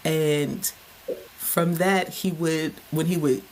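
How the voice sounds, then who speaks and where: A woman who works as a caregiver, chatting in a relaxed way with trailing restarts. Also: deep voice, slow, a little hiss or hum. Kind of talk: casual chat.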